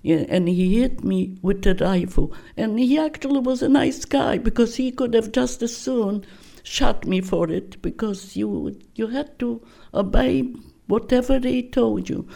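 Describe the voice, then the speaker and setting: An older woman speaks slowly in a gravelly, mellow voice. She answers in an oral history interview, haltingly, often breaking off and restarting her sentences as she looks for the right word. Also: a little high. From Poland. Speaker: guest recounting her life.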